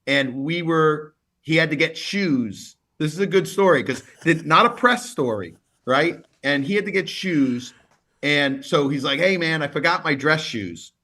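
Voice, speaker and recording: A man, a lawyer, telling stories in a relaxed interview, chatty and full of repeated words. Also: a little high, a little slow. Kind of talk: casual interview storytelling.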